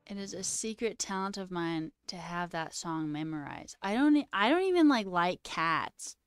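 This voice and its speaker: A woman's voice: on the low side, lively intonation, normal speed, smooth, no room sound. Brief: woman streamer, casual viewer chat, giggly, slips into whispers, dry close mic. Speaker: livestream host.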